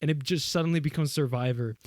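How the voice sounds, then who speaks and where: A man's voice: on the high side, fast, dry recording, studio quality. Rambling young man retelling a sketch. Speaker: podcast co-host. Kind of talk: casual chat.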